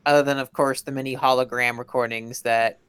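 A co-host in casual comedic chat, deadpan and rambling. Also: medium pitch, brisk, smooth, dry recording. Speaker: podcast co-host.

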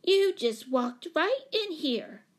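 A woman voicing a small girl who speaks in a high, slow, childish way. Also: lively intonation, vocal fry, a little mellow. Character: small girl, timid but blunt.

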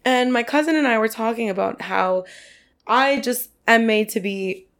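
A woman's voice: on the high side, moderate pace, a bit bright. A woman with a New York accent, chatting as a podcast guest and telling a long story in a loose, rambling way, full of "like" and swearing. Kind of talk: casual storytelling chat.

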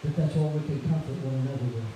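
A man preaching a sermon fervently, rising at times into shouted praise, heard in an echoey church from far off. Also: mid-range voice, fairly even intonation, racing, background noise.

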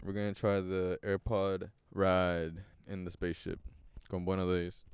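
Driving down the highway, this young podcast host speaks in a deep, resonant, clear voice that stays monotone and unhurried. His talk is casual and profane, shifting between Spanish and English, and the recording is dry.

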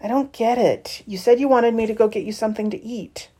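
A woman reading the lines of a patient, gentle father who keeps asking questions to understand his child. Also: high-pitched, fairly quick, voice pushed up. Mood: puzzled.

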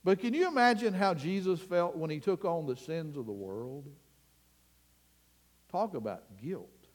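Slow-preaching pastor in a reverberant hall. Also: male voice, fairly high pitch, expressive. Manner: slow, earnest preaching with dramatic drops to a hush. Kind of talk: sermon.

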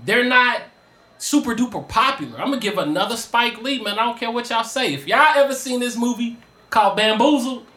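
High bright-voiced man, echoey room. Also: a little fast. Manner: animated, emphatic, talks over others. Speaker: podcast co-host. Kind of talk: casual chat.

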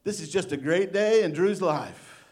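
A middle-aged male pastor giving a sermon, animated and playful, acting out little voices as he preaches. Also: high voice, measured pace.

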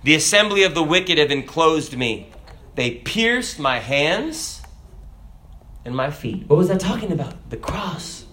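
Male preacher, lively sermon delivery, reads scripture, slightly high voice. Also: a little slow, slight background noise. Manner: animated preaching, rhetorical questions, reads scripture aloud.

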